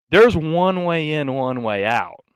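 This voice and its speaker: A man co-hosting a podcast, telling a story in casual, animated chat with lots of fillers and some swearing. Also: on the high side, takes it slowly, clear, resonant tone, no echo. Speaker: podcast co-host.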